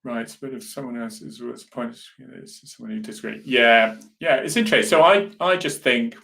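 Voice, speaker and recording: A man's voice: mid-range voice, fairly quick, gravelly, bright, forceful tone. A man hosting a casual live chat, talking earnestly and rambling as he answers viewer comments. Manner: rambling, earnest, with many restarts and asides to viewers. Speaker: host.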